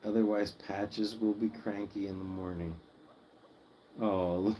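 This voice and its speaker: Sleepy livestream host, unhurried, softly cooing to his pets, faint hiss behind. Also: on the low side, little pitch movement, poor audio. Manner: soft-spoken, cooing to his guinea pigs. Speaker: pet channel host. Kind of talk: late-night livestream chat. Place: home at night, indoors.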